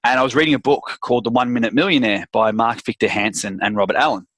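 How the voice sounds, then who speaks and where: Australian guest, easygoing and jokey, mid-pitched, dry close mic. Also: male voice, fairly even intonation, quick pace, a bit bright, no room sound. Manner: laid-back, jokey Australian slang. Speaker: podcast guest, entrepreneur. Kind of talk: casual interview chat.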